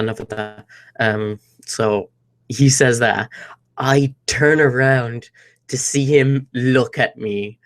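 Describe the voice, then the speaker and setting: Young Irish man, casual vlog storyteller, nervous and rambling, full of fillers. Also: mid-range voice. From Ireland.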